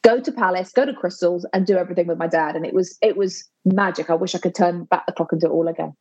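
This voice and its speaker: A middle-aged English woman in a casual interview, telling lively, nostalgic stories and laughing often. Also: on the low side, quick pace, husky, highs cut off. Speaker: sports broadcaster, guest. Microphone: video call.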